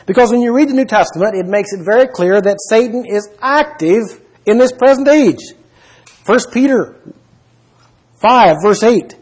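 A man's voice: extremely high pitch, a little mellow, husky, poor audio. A man preaching a Bible teaching sermon, emphatic, asking the listeners questions and citing verses.

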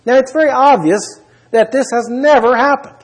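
A man's voice: extremely high pitch, moderate pace, husky, poor audio. A man preaching a Bible teaching sermon, emphatic, asking the listeners questions and citing verses.

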